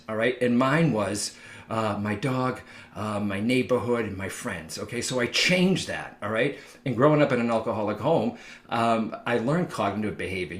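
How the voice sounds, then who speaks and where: A man's voice: mid-range voice, echoey room. A man, a psychic medium, talking casually to viewers and often checking in with "all right?". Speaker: psychic medium giving advice. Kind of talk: casual direct-to-camera talk.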